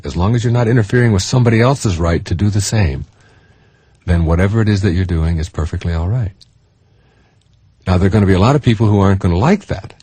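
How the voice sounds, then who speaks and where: A middle-aged man with a deep, husky voice delivers a self-help audiobook lecture. He speaks earnestly and drives his points home by repeating them. The recording is close and dry, with no room sound. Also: dark tone, no echo. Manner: earnest, emphatic, builds points through repetition.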